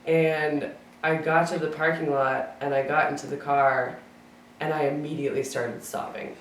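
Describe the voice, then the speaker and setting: A speaker telling a personal story in a casual, chatty way, acting out quoted dialogue and filling pauses with "like". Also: mid-range voice, steady tone, distant mic, a little hiss or hum. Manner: chatty, acts out quoted dialogue, many fillers of "like". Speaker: speaker sharing a memory at a gathering. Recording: roomy sound from away from the mic.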